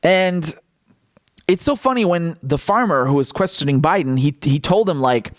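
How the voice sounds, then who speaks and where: A man gives political commentary in a raised, lively voice that leaps up and down in pitch. He mocks and laughs his way through his points. The sound is dry and close. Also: moderate pace, dry recording. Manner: mocking, animated, laughs often. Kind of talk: casual commentary vlog.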